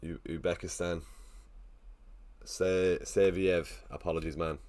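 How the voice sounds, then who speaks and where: A man's voice: deep voice, fairly even intonation, unhurried, darkish tone. A man casually chatting on a live stream, thinking aloud and greeting viewers in the chat. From Ireland.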